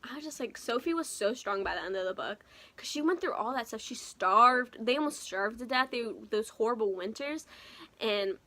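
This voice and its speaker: A woman's voice: on the high side, lively intonation, normal speed, pushed and bright. A young woman casually reviewing a novel, talking emotionally with lots of fillers and exclamations. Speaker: book reviewer. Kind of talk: casual book review vlog.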